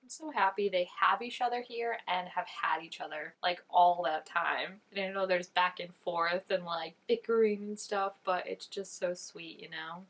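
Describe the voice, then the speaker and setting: A woman's voice: lowish voice, moderate pace, hardly any pauses, a bit bright. A young woman hosting a reaction video, chatting casually and gushing over each scene, with lots of "like" fillers. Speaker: reaction channel host.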